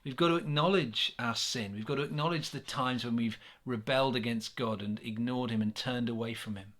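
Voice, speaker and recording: A man with an English accent giving a gentle, earnest sermon reflection, with many pauses and restarts. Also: medium pitch. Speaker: church minister.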